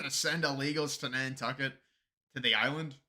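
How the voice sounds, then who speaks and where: A man's voice: mid-range voice, fairly even intonation, normal speed, pushed and bright. A man hosting a live stream, chatting casually and sarcastically about politics with many restarts.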